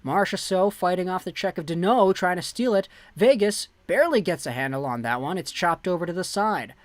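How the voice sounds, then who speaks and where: A man calling hockey play-by-play on his own livestream, excitable and jumping up loud on big saves. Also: sits high, a little fast, no room sound. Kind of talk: play-by-play commentary.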